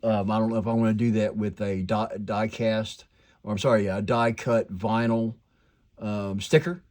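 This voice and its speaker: An older man with a slight twang and a lowish voice talks through whatever is on his mind. He rambles casually at home, full of fillers, restarts and side trails. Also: steady tone, moderate pace, a little mellow. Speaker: toy collector vlogger.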